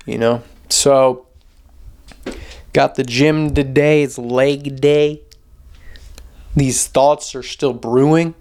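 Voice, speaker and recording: A man's voice: medium pitch, little pitch movement, takes it slowly, a little mellow, clear, resonant tone. A young man ranting alone on his podcast, profane and rambling, often losing his train of thought. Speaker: podcast host and open-mic comedian. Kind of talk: solo podcast rant.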